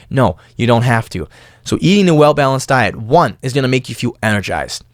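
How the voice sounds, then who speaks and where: A young man hosting his own podcast, talking casually and animatedly, with loud mimicked noises now and then. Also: mid-range voice, expressive, moderate pace, dry recording, studio quality. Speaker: podcast host. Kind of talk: casual monologue.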